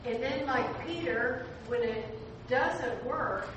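Female group member, reflective personal sharing, slightly high voice, distant mic with noise. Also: takes it slowly. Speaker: Bible study participant. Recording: distant, echoey, noisy room.

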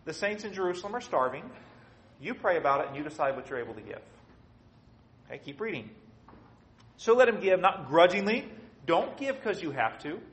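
A man preaching an expository sermon, swinging between soft and loud and acting out quotes. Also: fairly high pitch, sing-song, fast, reverberant, rough recording.

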